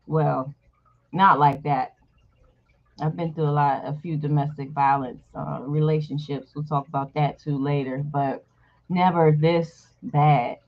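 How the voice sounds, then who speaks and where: A woman's voice: sits low, flat delivery, a little slow. A woman host casually telling a personal story to her viewers, candid and blunt, swearing freely. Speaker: channel host. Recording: dull lo-fi recording.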